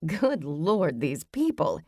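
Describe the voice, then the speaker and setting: A woman reads as a bubbly hostess, quick with exclamations and teasing. It sounds close and dry, an everyday low voice. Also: very animated, a little mellow, dry recording, full character voice.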